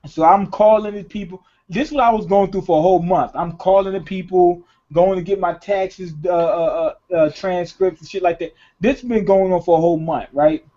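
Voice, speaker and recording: A young man, the host, telling a story in casual chat with a profane, animated delivery and acted-out quotes. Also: high-pitched, fairly quick, few pauses. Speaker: podcast host. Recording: dull lo-fi recording.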